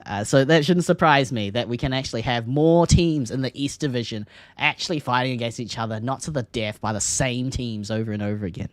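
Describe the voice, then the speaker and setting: An Australian man co-hosting a casual esports podcast, excitable and laughing often, his pitch leaping up when something grabs him. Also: fairly quick, dry recording. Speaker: podcast co-host.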